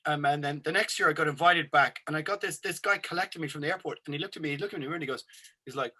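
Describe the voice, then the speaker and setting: A man's voice: fairly high pitch, fast, pushed and bright, breathy edge. An Irish man chatting casually as a podcast host, telling rambling anecdotes and swearing freely. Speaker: podcast host, metal musician. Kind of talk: casual chat.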